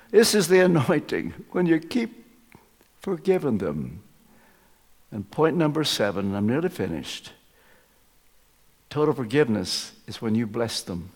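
A male preacher with a fairly high, very lively voice, pressing points hard and then dropping to hushed asides. His sermon rings out with a long reverb that fills a large church hall. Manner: emphatic, swings from loud stresses to hushed asides.

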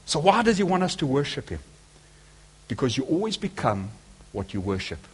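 A man's voice: medium pitch, big pitch swings, normal speed, slightly rough. A man preaching a sermon, speaking emphatically and asking his listeners rhetorical questions.

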